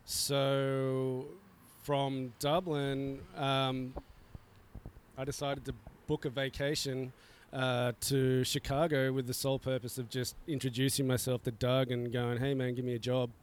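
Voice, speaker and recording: A man's voice: medium pitch, level tone, slow pace, clear, resonant tone. A middle-aged man, a coffee roaster, talking in a laid-back way with frequent chuckles and fillers on a casual podcast recorded outdoors.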